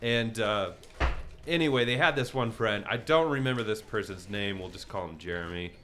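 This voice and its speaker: A man co-hosting, telling a rambling, profane story in casual chat over gameplay, full of "like" and loud acted-out quotes. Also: lowish voice, moderate pace, a crowd in the background. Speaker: co-host.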